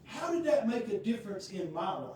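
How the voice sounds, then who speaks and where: A man's voice: sits high, very animated, a little fast, a little mellow, recorded from a distance, slight background noise. A male pastor, telling a personal story in a folksy, rambling, conversational sermon. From United States. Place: church sanctuary. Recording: very echoey room heard from afar.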